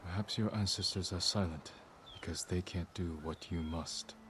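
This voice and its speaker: A man voicing a calm, reserved young samurai warrior in a video game. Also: low-pitched, moderate pace, close to an everyday voice. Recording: game audio under a live stream, noisy.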